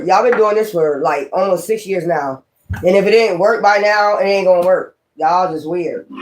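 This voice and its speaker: A man's voice: high voice, slight background noise. A man who reads tarot, ranting on a livestream in a profane, confrontational way and repeating his points. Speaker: tarot reader. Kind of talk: livestream rant.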